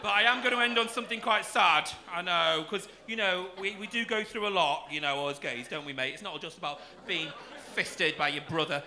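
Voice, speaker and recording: A high-pitched male comic in his 40s talks fairly quickly, barely pausing, during a camp, cheeky stand-up set. He teases the audience and swears freely. The recording comes from a noisy comedy club, with laughter in the background.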